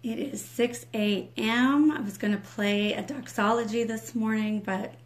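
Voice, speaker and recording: A woman's voice: on the high side, steady tone, a little slow. A woman leading an early-morning prayer livestream from home on her phone, chatty with viewers and fervent in prayer, her voice cracking slightly. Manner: talking quietly at first. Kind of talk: casual livestream greetings and spoken prayer.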